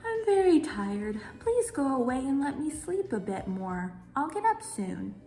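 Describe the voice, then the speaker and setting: A woman's voice: high-pitched, very animated, a little slow, dark tone, pitched above the performer's own voice, heavily acted. A woman voicing a lazy, sleepy male groundhog who grumbles, reading a picture book aloud. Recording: roomy echo.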